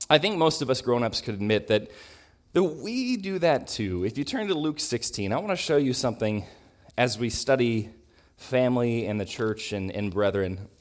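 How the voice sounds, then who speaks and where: A preacher with a medium-pitched voice teaches his congregation a Bible lesson, talking it through thoughtfully. Now and then he clears his throat and corrects himself while reading.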